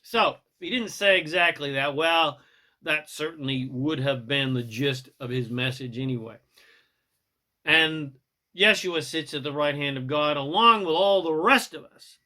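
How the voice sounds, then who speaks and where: A man's voice: fairly high pitch, unhurried, bright, forceful tone. A middle-aged man giving a spiritual message in an irreverent, profane and emphatic way. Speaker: spiritual teacher.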